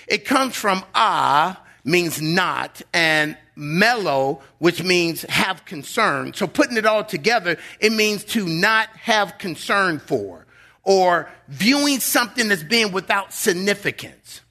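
A man's voice: sits high, animated, slow pace. A man preaching a sermon as a guest pastor, earnest and emphatic, often repeating words as he builds a point. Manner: earnest and emphatic, dropping to a soft voice for quotes.

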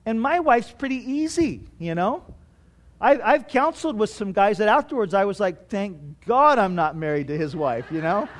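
A man's voice: high voice, big pitch swings, normal speed. A middle-aged man preaching a sermon as pastor, conversational and self-deprecating, often saying "you know".

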